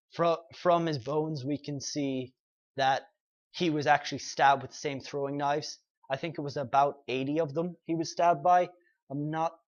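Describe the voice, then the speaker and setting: A man's voice: fairly high pitch, fairly bright tone, highs cut off. A man hosting a comic review show, casually retelling the plot with lots of fillers and quoted dialogue. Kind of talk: casual spoken recap and review.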